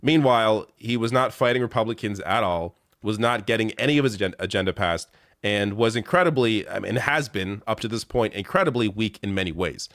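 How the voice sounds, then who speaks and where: A man's voice: lowish voice, fairly quick, fairly bright tone, no echo, clean studio sound. A man giving blunt, profane online political commentary, rattling off lists with rising, incredulous emphasis.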